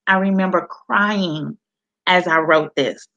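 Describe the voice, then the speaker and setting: A woman's voice: on the low side, slow, bright, forceful tone, lo-fi sound. A middle-aged woman from Miami giving an inspirational talk on a livestream, quoting scripture and greeting her viewers by name in a preacherly way. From Miami, Florida. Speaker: motivational speaker and author. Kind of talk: live-streamed inspirational talk.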